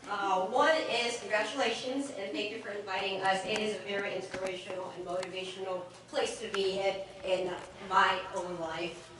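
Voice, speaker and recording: A woman's voice: mid-range voice, steady tone, moderate pace, a crowd in the background. A woman giving an earnest, emotional toast at a party. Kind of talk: heartfelt speech. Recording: echoey room from far off.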